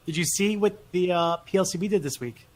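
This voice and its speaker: A man's voice: sits high, a little fast. A man co-hosting a casual podcast, passing along news plainly with some hesitation. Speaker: podcast co-host.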